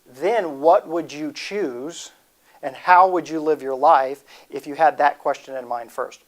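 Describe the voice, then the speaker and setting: A man's voice: fairly high pitch, a little slow. Rambling jokey man in his forties. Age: 40s. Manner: rambling and jokey, breaking off mid-sentence. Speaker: speaker giving a talk. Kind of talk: humorous motivational talk.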